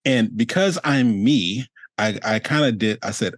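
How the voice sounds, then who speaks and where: A man's voice: fairly low pitch, moderate pace, dry recording. A man hosting a casual interview over a video call, talking in a rambling way with laughs and little acted-out quotes. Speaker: host.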